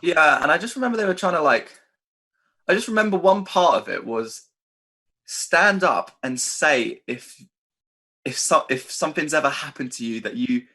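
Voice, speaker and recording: तेज़, जोशीली आवाज़ वाला ब्रिटिश युवक. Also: male voice, a little high, normal speed, slightly rough. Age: young adult. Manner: laughing, animated storytelling, swears casually. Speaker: podcast co-host. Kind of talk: casual chat.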